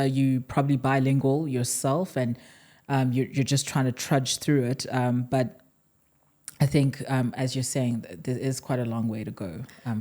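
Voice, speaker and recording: A woman's voice: very deep voice, a little mellow. A woman from South Africa with a South African English accent, co-hosting a podcast in a casual, reflective way and thinking aloud as she talks. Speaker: podcast co-host. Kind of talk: casual conversational podcast chat.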